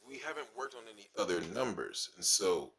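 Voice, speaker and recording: A man's voice: lowish voice, brisk. A man, a kindergarten teacher, telling stories from his class in a casual vlog and acting out his pupils. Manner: animated, acts out his pupils.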